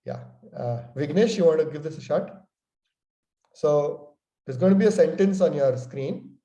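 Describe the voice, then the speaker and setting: A man leads an online sales training workshop over a video call, talking conversationally with frequent "okay" and "you know". His voice is fairly high-pitched, animated, and dark in tone at a measured pace. The lo-fi sound comes from an echoey room.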